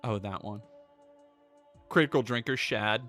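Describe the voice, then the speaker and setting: Male streamer, bright voice, profane rambling chat, faint music under it. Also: mid-range voice, expressive, normal speed. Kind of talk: casual livestream chat.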